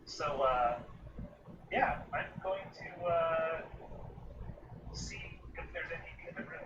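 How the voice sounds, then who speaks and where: A man's voice: fairly high pitch, takes it slowly, a bit bright. A man playing a tabletop game, joking in an offhand way. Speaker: player. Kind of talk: casual tabletop play. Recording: distant echoey mic, noisy and dull.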